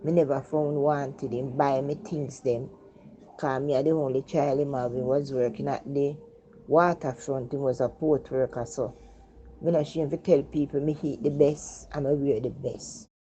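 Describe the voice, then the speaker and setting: An older Jamaican woman with a low, deep voice tells her own life story in patois. She is reflective and sinks into a hushed tone over memories of loved ones. The recording sounds dull and muffled. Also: fairly even intonation, normal speed, slight background noise. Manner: Jamaican Patois speech, reflective, voice drops low and soft when remembering the dead. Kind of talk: personal storytelling.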